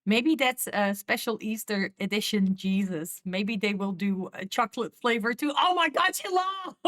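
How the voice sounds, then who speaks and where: A woman's voice: mid-range voice, a little slow. A woman with a Dutch accent chatting casually with viewers on a live stream, laughing often and repeating herself as she talks.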